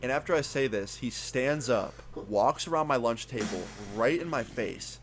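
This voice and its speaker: A man's voice: mid-range voice, moderate pace, soft background music. Young man telling a profane storytime. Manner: casual, profane, animated retelling. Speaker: YouTuber. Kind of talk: storytime vlog.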